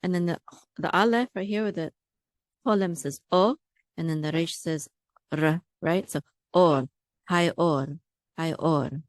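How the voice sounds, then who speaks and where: A woman teaching Hebrew pronunciation, patiently repeating words slowly for practice. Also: low voice, dry recording, clean studio sound.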